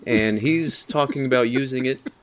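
A man's voice: medium pitch, normal speed. A man co-hosting a podcast, chatting casually in a rambling, laughing way. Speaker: podcast co-host. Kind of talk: casual chat.

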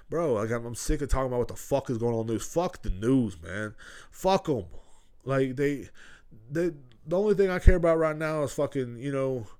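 A man's voice: medium pitch, darkish tone. A man in his thirties hosting his own podcast in a casual, rambling way, swearing freely and often asking "you know what I'm saying". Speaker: podcast host. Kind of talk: casual solo podcast talk.

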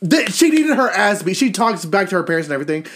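Animated young man gossiping loudly. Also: sits high, quick pace. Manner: animated, profane storytelling with mocking voices. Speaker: podcast co-host. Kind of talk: casual gossip chat.

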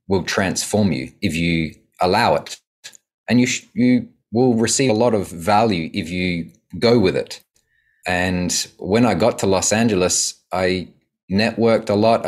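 A man in an earnest, reflective way telling a podcast host about his travels and work as a coach. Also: deep voice. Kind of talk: conversational storytelling.

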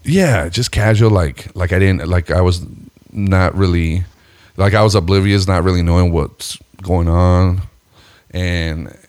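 Low-voiced guy telling a wild story, bro talk, dry close sound. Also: a little slow, no room sound. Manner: animated storyteller, jumps high when acting out quotes, laughs often; swears freely, says "bro" and "dude". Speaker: podcast co-host telling a story. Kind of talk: casual storytelling chat.

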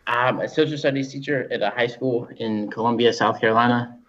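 A man, a high school teacher answering interview questions in a relaxed, friendly way, heard on a dull lo-fi recording. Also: fairly quick. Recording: dull, lo-fi sound from a distance.

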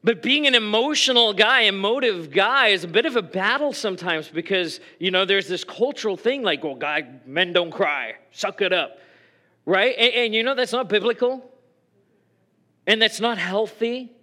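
Pastor, man, mid-high voice, bright and forceful, earnest conversational sermon. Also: moderate pace. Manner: conversational, earnest preaching with frequent restarts; emotional, openly expressive.

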